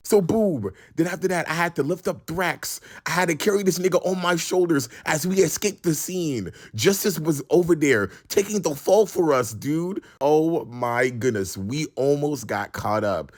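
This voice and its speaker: Animated young man telling a story. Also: on the high side, moderate pace, few pauses. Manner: animated, slangy, swings from loud to hushed. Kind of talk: casual storytime.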